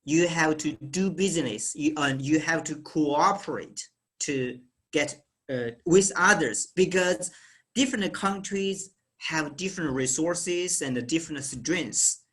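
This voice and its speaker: A man's voice: a little high, unhurried, a bit bright. A man whose first language is Chinese, a guest in an online discussion, speaking hesitantly with frequent fillers. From China. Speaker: guest entrepreneur.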